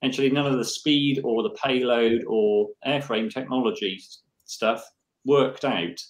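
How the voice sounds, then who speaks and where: An eager man chatting on a livestream, cheerfully owning his nerdiness and restarting his sentences as he goes. His voice sits at an ordinary middle pitch and comes through a video call with plenty of room echo around it. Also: unhurried. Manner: enthusiastic and self-mockingly nerdy, hesitant restarts. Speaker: livestream co-host. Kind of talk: casual chat. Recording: echoey room.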